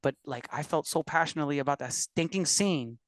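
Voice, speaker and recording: A Puerto Rican musician and producer, appearing as a podcast guest, tells stories animatedly and acts out the quotes. His voice is a little high and fairly quick, recorded with no echo, in a casual interview conversation.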